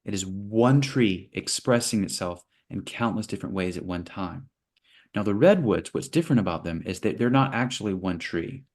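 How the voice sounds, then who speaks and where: A man, interview guest, telling parables in a relaxed conversation and acting out little voices for the characters. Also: lowish voice, moderate pace. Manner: playful, acts out little voices in his parables. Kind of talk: storytelling in conversation.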